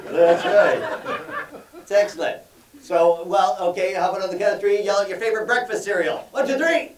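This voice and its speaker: Brash high-voiced comic teasing the crowd. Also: male voice, background noise. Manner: brash, teasing, quick banter with audience. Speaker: stand-up comedian. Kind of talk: stand-up crowd work. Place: comedy club stage. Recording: echoey club from far off with crowd. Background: audience laughter.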